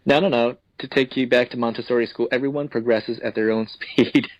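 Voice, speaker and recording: A man's voice: mid-range voice, steady tone, a little fast, no room sound, dull audio. A man co-hosting a podcast in a jokey way, often laughing as he talks. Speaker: podcast co-host. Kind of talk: casual podcast chat.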